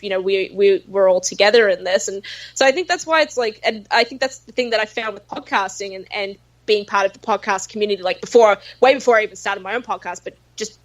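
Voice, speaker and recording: An Australian woman, a guest on a podcast, chatting casually and swearing freely, with lots of "like" fillers. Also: medium pitch.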